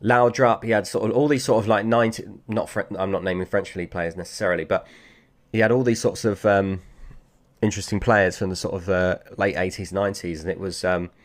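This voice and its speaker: A man's voice: low voice, steady tone, brisk. A man talking casually about his card collection, rambling and repeating himself with many fillers. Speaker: sports card collector vlogger. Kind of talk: casual chat.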